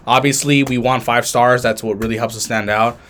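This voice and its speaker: Brash, swearing young podcast co-host. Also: male voice, mid-range voice, fairly even intonation, a little fast, a bit bright. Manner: loose, profane and boastful. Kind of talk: casual podcast banter. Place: Southern California.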